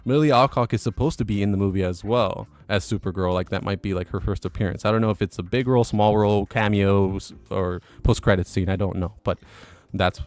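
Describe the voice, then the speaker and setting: Male stream host, low voice, easygoing, reads chat aloud. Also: a little fast, hardly any pauses. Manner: relaxed, chuckles between comments. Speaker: livestream host. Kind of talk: casual livestream chat reading viewer comments.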